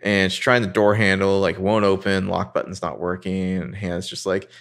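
A man co-hosting a casual podcast, recapping a TV episode and quoting the characters in excited voices. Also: normal speed, gravelly. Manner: animated, jumps into high voices quoting characters.

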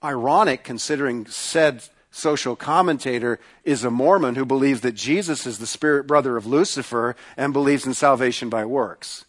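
A male pastor preaching a sermon, emphatic, repeating phrases and slowing down to stress points. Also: mid-range voice.

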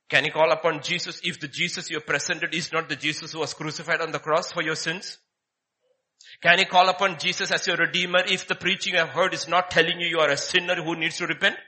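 A man's voice: fairly high pitch, sharp tone. A man preaching a sermon, emphatic and repetitive, firing off rhetorical questions. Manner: emphatic, repeats key phrases, rhetorical questions.

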